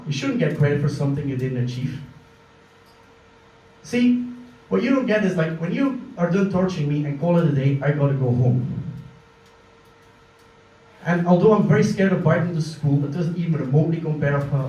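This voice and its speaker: A young man performing a one-man stage monologue, intense and confessional, swinging from quiet to shouting, recorded on a phone from the audience in a small basement venue. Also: fairly high pitch, expressive, moderate pace, dull audio. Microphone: phone filming from the audience. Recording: echoey, distant phone recording in a room.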